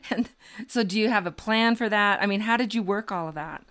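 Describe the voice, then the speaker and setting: A woman with a middle-range voice hosting a podcast interview. She listens with quick affirmations and soft laughs before asking her questions. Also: mid-range voice, smooth. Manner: supportive listener, frequent short affirmations and laughs. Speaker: podcast host.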